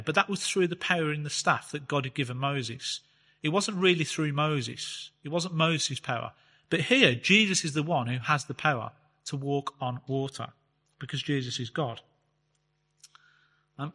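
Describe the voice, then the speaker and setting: A man giving a chatty Bible teaching talk, reading scripture slowly and explaining it with fillers. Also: fairly high pitch, bright, forceful tone. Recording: long reverb, hall-like space.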